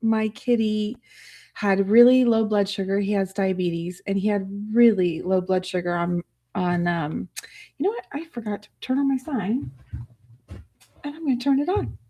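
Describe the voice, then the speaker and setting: A woman hosting a casual livestream, talking softly and emotionally, rambling with many fillers and restarts while reading chat. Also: medium pitch, moderate pace. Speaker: livestream host.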